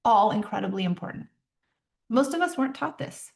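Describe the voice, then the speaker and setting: A middle-aged woman coaching parents in an earnest way, acting out calm lines for them to say to their children. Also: fairly high pitch, brisk, gravelly. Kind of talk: parenting advice talk.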